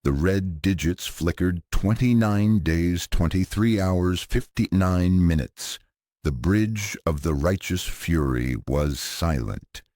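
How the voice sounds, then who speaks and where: Very deep male story narrator. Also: takes it slowly, a little mellow, no echo, studio quality. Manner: grave, dramatic storytelling.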